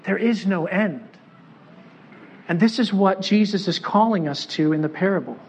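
A man's voice: high-pitched, normal speed, slight background noise. A pastor preaching a sermon in a church, conversational and joking as he puts questions to the congregation.

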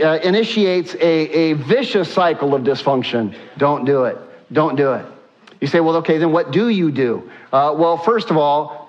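A man's voice: on the high side, lo-fi sound. A man preaching a sermon as a pastor, emphatic and repetitive, with many fillers. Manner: emphatic, repeats points, frequent "uh" fillers.

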